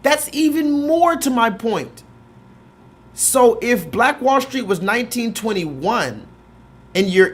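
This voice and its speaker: A man hosting a casual livestream, ranting with quick asides. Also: on the high side. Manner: animated, rant-like, quick asides; mocking put-on voices when quoting films. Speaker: host.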